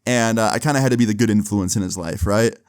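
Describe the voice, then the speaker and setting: Here the same vlogger, a man with a fairly low voice, talks fast in a darkish tone, loose and relaxed, dropping plenty of curse words and "like"s. The audio is close-miked and dry, without any echo from the room.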